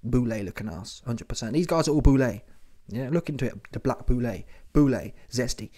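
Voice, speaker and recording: Male host, mid-pitched, mocking slangy commentary full of "yeah?" tags. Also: brisk, warm tone. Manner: slangy, mocking, keeps tagging lines with "yeah?". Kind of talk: casual commentary.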